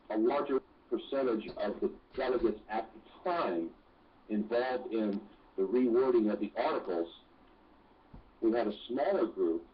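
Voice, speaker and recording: A man who is a guest on a talk radio show, explaining slowly and deliberately with pauses. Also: fairly low pitch. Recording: distant, dull phone-in sound.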